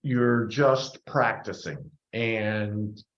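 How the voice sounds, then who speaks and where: A man's voice: fairly low pitch, drawn-out words, a bit bright. Man presenting in a roomy, dull recording. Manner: conversational, repeats words while rethinking. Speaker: workshop presenter. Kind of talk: answering audience questions.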